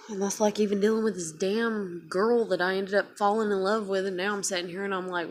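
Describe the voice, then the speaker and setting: A woman's voice: mid-range voice, fairly even intonation, quick pace, slight background noise. A woman talking straight to camera in a casual confessional vlog, venting in a worn-out way, swearing often and restarting her sentences. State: weary, emotionally worn down. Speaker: vlogger.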